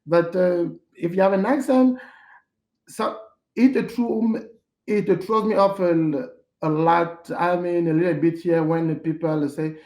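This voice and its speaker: A man's voice: sits high, steady tone, unhurried, darkish tone, echoey room. A middle-aged man from Cameroon, a podcast guest speaking casually, with many hesitant fillers and restarts. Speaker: podcast guest, hotel manager. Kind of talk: casual interview conversation.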